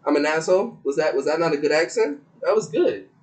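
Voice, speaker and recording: A man in casual podcast chat, loud, profane and joking. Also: on the high side, animated, fast talker, faint music behind, low-quality recording.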